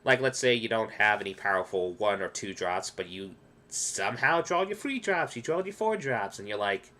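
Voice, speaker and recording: A man's voice: on the low side, lively intonation, moderate pace, bright, forceful tone. A man casually explaining card game strategy tips in a rambling, explanatory way. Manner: explanatory, rambling with restarts and quoted asides. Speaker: gaming video creator. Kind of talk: casual gameplay tips commentary.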